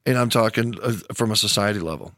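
A man's voice: lowish voice, fast talker, a bit bright, no echo, studio quality. A man hosting a podcast in casual chat, joking and laughing often. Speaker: podcast host.

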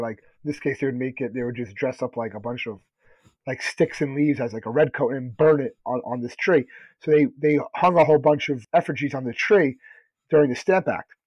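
A man's voice: mid-range voice, no room sound. A man co-hosting a podcast in casual chat, loose and rambling with lots of "like". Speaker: podcast co-host. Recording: dull lo-fi recording.

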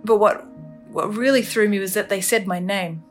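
Woman retelling an ordeal, halting. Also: medium pitch, steady tone, soft background music. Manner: halting, emotional, many restarts. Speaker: storyteller recounting her ordeal. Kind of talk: candid first-person podcast testimony.

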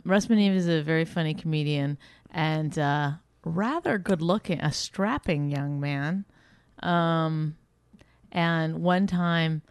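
A middle-aged woman comedian co-hosting a casual chat, telling stories with animation and leaping into a high voice when she quotes people. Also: smooth, no room sound. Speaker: podcast co-host and comedian.

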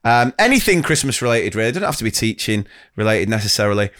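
Lively, smooth-voiced male podcast host. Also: lowish voice, quick pace. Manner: laughs often while reading stories aloud. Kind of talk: casual podcast chat, reading listener stories.

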